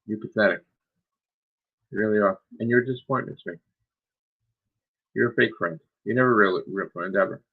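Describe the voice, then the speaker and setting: A man's voice: on the low side, a little fast, gravelly, pauses often, husky, narrow, tinny audio. A man hosting his own live stream, ranting in a heated, profane, scolding way. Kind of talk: angry live-stream rant.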